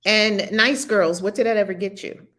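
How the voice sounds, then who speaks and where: A woman's voice: medium pitch, steady tone, moderate pace, a bit bright. A woman hosting a livestream spiritual study group, talking earnestly and reading viewer comments aloud. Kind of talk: livestream discussion.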